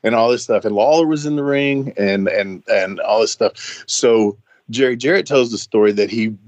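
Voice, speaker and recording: A man's voice: lowish voice, moderate pace, dry recording, dull audio. A man hosting a podcast, retelling a story in a rambling, casual way with many restarts. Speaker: podcast host. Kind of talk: casual chat.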